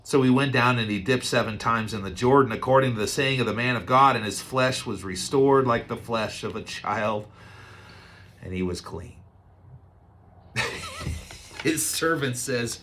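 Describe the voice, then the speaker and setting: A male pastor preaching a sermon, retelling a scripture story in a casual, animated way. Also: mid-range voice, measured pace, pauses often. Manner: conversational, animated retelling with chuckles.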